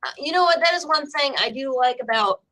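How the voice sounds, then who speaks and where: A woman's voice: sits high, expressive, fairly quick, bright, forceful tone, poor audio. A woman with a cough co-hosting a casual chat, rambling with lots of "like" and "you know". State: sick with a cough. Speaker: psychic co-host.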